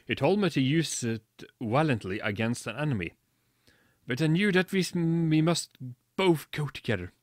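A man's voice: on the high side, expressive, normal speed, no echo, clean studio sound. A man reading a badly written story aloud for comedy, mocking it and stumbling over its misspellings. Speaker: reader.

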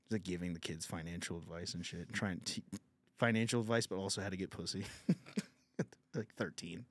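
A man's voice: sits low, fairly even intonation, fairly quick, no echo. A man hosting a podcast, telling a crude comedic story in casual talk and laughing often. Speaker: podcast host.

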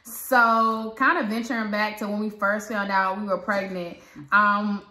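A woman vlogger with a Southern American accent, chatting and retelling a story with lively quoted dialogue. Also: medium pitch, unhurried. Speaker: parenting vlogger. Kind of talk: casual storytelling. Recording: echoey room.

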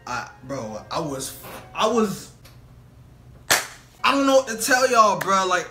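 A man's voice: sits high, sharp tone. A young man telling a funny storytime vlog in slangy casual talk, full of "bro" and "you know what I'm saying". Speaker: storytelling vlogger.

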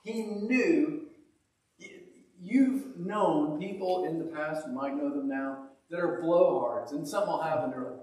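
A man's voice: on the high side, unhurried, darkish tone. A man preaching a casual, conversational sermon, telling stories with a folksy, self-deprecating manner. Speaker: pastor. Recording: echoey church hall, mic at a distance.

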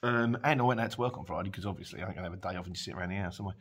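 In a dim room at home, a man who drives as a courier and vlogs chats casually, rambling and drifting into tangents. He reads viewer comments aloud and laughs easily; his voice is low-pitched, racing, and fairly bright, with a slight hiss or hum.

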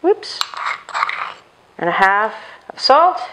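A woman's voice: a little high, very animated, takes it slowly, heavy background noise. Chatty woman rambling while she cooks. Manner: rambling, talks to herself while cooking. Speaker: cooking channel host. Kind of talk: casual cooking demo with chatty asides. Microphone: lapel mic on chest.

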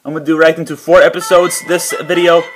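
A man's voice: on the high side, flat delivery, quick pace, low-quality recording. A man giving casual reaction commentary on a cartoon, laughing often and exclaiming again and again. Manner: frequent laughter and repeated exclamations of wow. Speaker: reaction video host. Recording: music playing behind.

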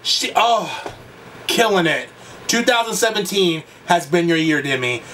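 Reacting to a pop song in his vlog, a male YouTuber gushes in a campy, profane way and shrieks out of nowhere. He speaks a little slowly in a high, animated voice. The mic is distant, with the loud song behind him and a little hiss or hum.

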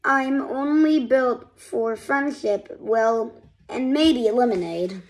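A woman's voice: a little high, slow, low-quality recording. A woman reading a picture book aloud, voicing a friendly, eager little robot who is easily upset, in a slightly raised storybook voice. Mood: earnest.

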